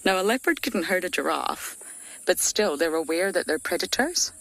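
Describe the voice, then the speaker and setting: A woman safari guide giving lively live commentary from an open vehicle on a game drive, laughing often. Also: lowish voice, moderate pace, vocal fry, dry recording. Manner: chatty, animated, laughs often. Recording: noisy outdoor broadcast, vehicle and ambience.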